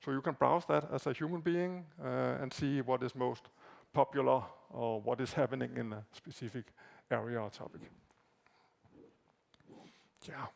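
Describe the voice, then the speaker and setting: A man whose first language is Danish gives a conference talk, walking through slides in a halting way with frequent fillers and repeated words. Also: mid-range voice, steady tone, creaky, a little mellow. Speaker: conference presenter. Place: conference hall.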